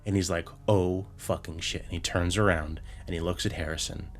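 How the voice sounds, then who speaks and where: A man's voice: low voice, fairly even intonation, fast, soft background music. A man co-hosting a podcast, recapping a show in a profane, exasperated rant full of restarts. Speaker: podcast co-host.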